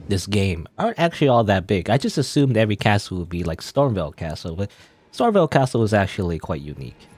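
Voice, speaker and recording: Commenting casually on a game, a let's play host wanders through his thoughts aloud and makes jokes at his own expense. He speaks in a low-pitched, slightly mellow voice.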